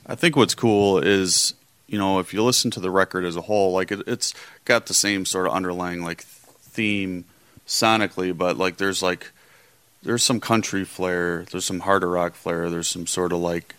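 A man's voice: sits low, steady tone, moderate pace, a bit bright, clear, resonant tone, no echo. A young man in a band, rambling through a story in an interview and saying "like" constantly. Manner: rambling, heavy use of "like". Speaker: band member. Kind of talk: casual interview chat.

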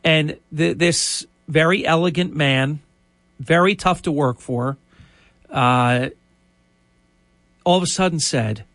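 A middle-aged man tells a story in a loose, chatty way, circling back with asides and restarts. His voice sits a little high for a man. The recording is dry and close, with no room sound. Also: takes it slowly, pauses often, fairly bright tone, no echo. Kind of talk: casual storytelling monologue.

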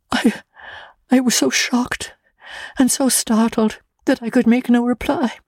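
A woman reads a classic novel aloud in the first person, grave and measured. Her delivery is slow, and the sound is close and dry. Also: fairly high pitch, fairly even intonation, darkish tone, dry recording. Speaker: audiobook narrator. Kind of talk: scripted narration of a classic novel.

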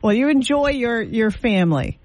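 A woman's voice: a little high, lively intonation, moderate pace, a little mellow, no room sound. A woman hosting a morning radio show, chatting casually and teasing her guest with frequent laughs.

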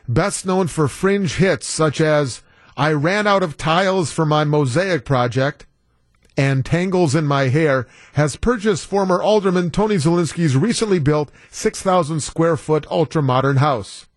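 A man's voice: fairly high pitch, no room sound, clean studio sound. A man guest-hosting a talk radio show, telling a story in a wry, incredulous way. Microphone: studio broadcast mic.

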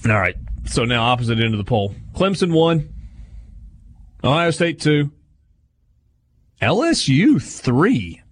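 A man's voice: mid-range voice, very animated, slow pace, long pauses. A man hosting a sports talk radio show, reading sponsor copy and running down poll rankings while teasing his co-hosts.

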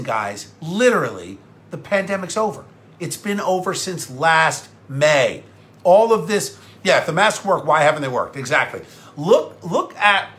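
In a live-streamed talk show rant, a combative host from New speaks in a high, bright voice. He's sarcastic, blunt, and restless, repeating himself for punch and firing back at viewer comments.

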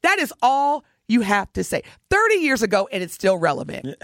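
A woman's voice: medium pitch, huge pitch swings, moderate pace, gravelly, a bit bright. A woman co-hosting a morning radio show, talking in a casual, teasing and emphatic way from a studio mic. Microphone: studio microphone.

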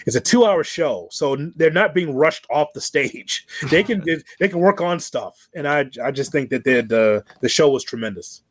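A man's voice: on the high side, moderate pace, hardly any pauses, dry recording. A man co-hosting a wrestling podcast, chatting casually and telling stories with frequent laughs and restarts. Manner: animated storyteller, laughs often, repeats words. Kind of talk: casual chat.

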